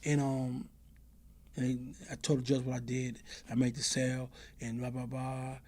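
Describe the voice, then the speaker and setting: A man's voice: mid-range voice, completely flat delivery, unhurried, a little mellow. A middle-aged man telling stories from his past in an interview, acting out the voices of the people in them and often asking "you know what I mean". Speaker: interview guest. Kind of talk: casual storytelling.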